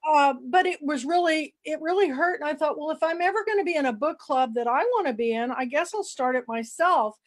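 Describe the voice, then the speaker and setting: A woman in her sixties, an interview guest, telling lively anecdotes and acting out what people said. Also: high voice, fairly quick, hardly any pauses. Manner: lively anecdotal storyteller, acts out quoted dialogue. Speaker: author and book club founder, interview guest. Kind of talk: casual storytelling interview.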